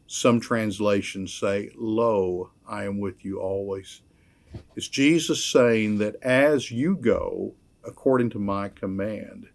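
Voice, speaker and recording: A man preaching a sermon, measured and emphatic, repeating key phrases. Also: lowish voice, vocal fry. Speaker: pastor.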